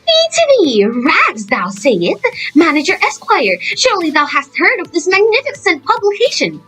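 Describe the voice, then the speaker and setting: Woman doing a shrill, archaic-speaking would-be knight. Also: huge pitch swings, normal speed, a bit bright, soft background music, heavily acted, poor audio. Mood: indignant. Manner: archaic knightly speech, earnest. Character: zealous young woman would-be knight, earnest.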